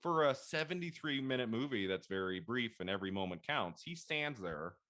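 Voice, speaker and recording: Bright-voiced chatty man hosting a film talk. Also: mid-range voice, normal speed. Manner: chatty, laughs often, animated quoting of himself. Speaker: podcast host. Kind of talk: casual film discussion.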